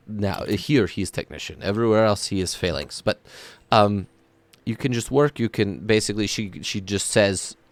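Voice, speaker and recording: A man's voice: on the low side, moderate pace, dry recording. A man narrating a tabletop game as game master, rambling with many fillers and laughs.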